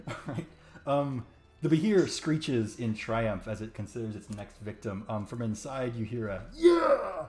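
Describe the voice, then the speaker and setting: A man's voice: on the low side, moderate pace, a little mellow. A man narrating as game master for a tabletop roleplaying game, chatty and full of fillers.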